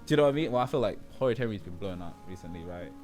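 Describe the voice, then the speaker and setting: A man's voice: on the low side, animated, very fast, darkish tone, faint music behind. A young man with a British accent rambling in a casual monologue to his viewers, often checking whether he is understood. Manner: rambling, often asks "do you know what I mean". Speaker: YouTube creator.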